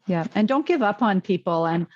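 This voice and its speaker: A woman's voice: medium pitch, animated, moderate pace, a little mellow, no echo, lo-fi sound. A woman physician and wellness coach in a podcast interview, telling stories and acting out quoted dialogue.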